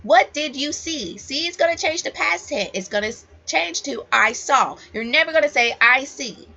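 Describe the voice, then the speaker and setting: A woman's voice: high-pitched, expressive, moderate pace, gravelly, pushed and bright. A woman ESL teacher giving casual, emphatic advice to new teachers, repeating key points straight to the viewer. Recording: dull lo-fi audio.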